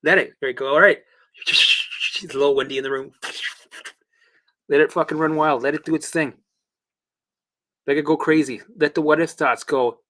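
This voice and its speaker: A man hosting a casual livestream, coaching viewers through exercises in an animated, chatty way with the odd swear word. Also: medium pitch, normal speed, long pauses. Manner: guides listeners through exercises. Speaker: host and recovery coach.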